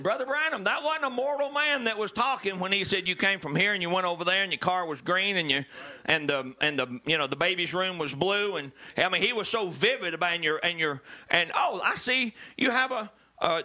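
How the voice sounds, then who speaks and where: High-voiced, bright preacher man. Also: a little fast, hardly any pauses. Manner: swings from low murmurs to loud shouted exhortations; calls out to the congregation. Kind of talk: sermon.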